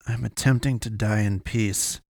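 A man reads a wounded werewolf in human form, slumped and dying, muttering with weary scorn in a low, slow storybook voice. He sounds worn out and bitter. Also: fairly even intonation, creaky, a little mellow, no echo, clean studio sound.

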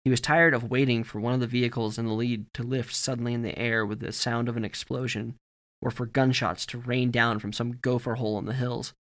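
Bright-voiced male audiobook narrator. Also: medium pitch. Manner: steady, measured reading.

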